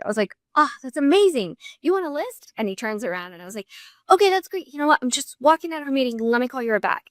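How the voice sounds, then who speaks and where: A woman's voice: medium pitch, dry recording, studio quality. A woman, a real estate coach, talking candidly in an interview and often acting out what people said. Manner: candid storytelling with frequent restarts, acts out quoted dialogue. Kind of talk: casual interview conversation.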